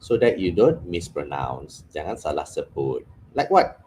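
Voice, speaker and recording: Animated man teaching English. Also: rumbling low, normal speed, slight background noise, low-quality recording. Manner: animated teaching, switching into Malay asides. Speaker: English communication trainer. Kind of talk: live workshop lecture.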